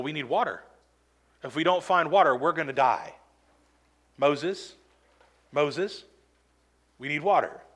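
A man's voice: on the high side, a bit bright. Earnest man preaching a sermon. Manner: earnest, emphatic preaching with voiced quotes. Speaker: pastor.

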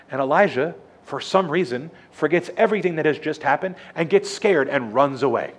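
A man preaching a sermon, retelling scripture with lively, emphatic storytelling. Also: on the high side, normal speed.

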